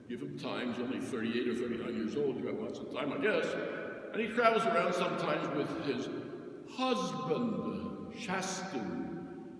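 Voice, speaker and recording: Emphatic priest preaching in an echoey church. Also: male voice, on the high side, recorded from a distance, slight background noise. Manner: emphatic, swinging from loud declarations to soft quiet asides. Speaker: Catholic priest. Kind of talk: sermon.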